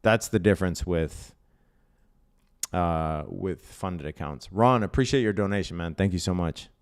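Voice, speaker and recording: A man's voice: low voice, unhurried, clean tone. A man casually explaining day trading on a live stream, reading out viewer comments and answering bluntly, often with a tag "right?" and some swearing. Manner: blunt, profane, keeps asking "right?"; reads out and answers viewer chat.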